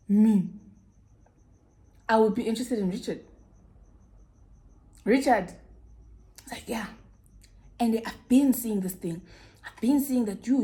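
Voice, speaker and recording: South African woman telling a story, animated. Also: medium pitch. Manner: animated storytelling, acting out both sides of conversations. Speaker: YouTuber. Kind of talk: storytime vlog.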